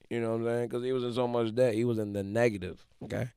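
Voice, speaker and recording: A man's voice: medium pitch, flat delivery, fast, dark tone, clear, resonant tone, no echo. A man, hosting a podcast with a casual, emphatic motivational monologue and often checking in with his listeners. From Detroit. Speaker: podcast host.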